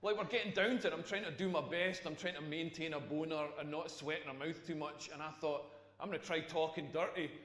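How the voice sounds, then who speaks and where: On a stage in a large hall, a Scottish comedian in his forties delivers a rambling, self-mocking stand-up routine. His voice is a little high and fairly bright, with a steady tone and brisk delivery. The recording picks him up from a distance, with the hall's echo audible.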